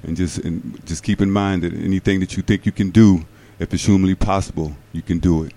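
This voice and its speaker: A man on a talk show giving a halting tribute with many fillers. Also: sits low, steady tone, dark tone. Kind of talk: spoken tribute.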